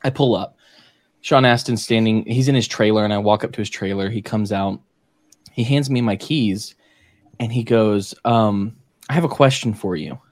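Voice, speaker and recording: A man telling a story in casual chat with friends, animated and swearing, acting out the quoted voices. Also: fairly low pitch, moderate pace, no room sound, studio quality.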